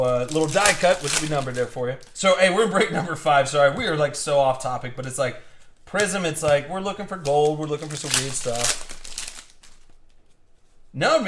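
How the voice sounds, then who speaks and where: A man's voice: on the high side, noisy background. A young man hosting a live card-opening stream, chatting casually and rambling through stories with lots of restarts. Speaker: card break host.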